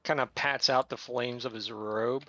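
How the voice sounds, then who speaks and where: A man narrating a tabletop game as game master, describing scenes in a relaxed way with filler words. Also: mid-range voice, normal speed, no echo, dull audio.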